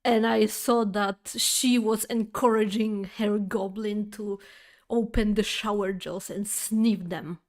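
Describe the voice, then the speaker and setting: A woman streamer telling a chatty, exaggerated story to her viewers, with halting phrasing full of fillers and restarts. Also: medium pitch, fairly even intonation. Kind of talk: casual storytelling chat.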